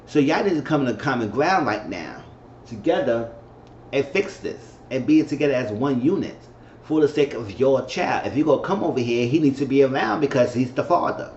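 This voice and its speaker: A man's voice: expressive, moderate pace, darkish tone. Chatty man recapping a show in a roomy room. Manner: chatty, repeats himself, acts out characters' lines in a high falsetto. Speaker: TV episode reviewer. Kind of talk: casual episode recap. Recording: muffled, roomy recording with faint hiss.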